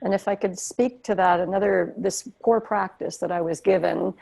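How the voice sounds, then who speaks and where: A woman's voice: medium pitch, moderate pace, vocal fry, a little mellow, dry recording. A woman speaking earnestly about spiritual healing, in flowing, emotive phrases. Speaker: guest. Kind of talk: heartfelt spiritual conversation.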